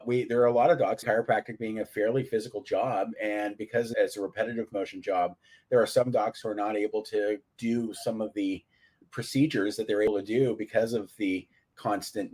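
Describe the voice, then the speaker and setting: A man's voice: mid-range voice, darkish tone, rough recording. A man hosting a podcast, chatting casually and telling a light anecdote before asking his guests a question. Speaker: podcast host. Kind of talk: podcast interview.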